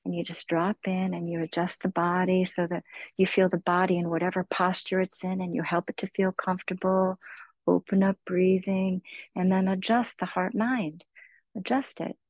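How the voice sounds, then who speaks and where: A middle-aged woman leads a meditation lesson in a slow, soothing, gently encouraging way. Her voice sits a bit low and comes out husky, with a gravelly edge. The sound is dry and close. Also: level tone, no echo, poor audio. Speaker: meditation teacher. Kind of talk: guided meditation talk.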